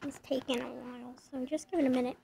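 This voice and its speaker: A woman's voice: sits high, steady tone, quick pace, gravelly, noisy background. A woman reading funny text messages aloud with playful, laughing, exaggerated reactions. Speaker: comedy video narrator.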